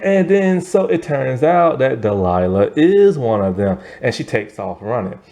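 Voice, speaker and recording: A man's voice: mid-range voice, very animated, measured pace, dark tone. A man casually recapping a movie plot, laughing as he acts out the characters' lines. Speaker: movie reviewer.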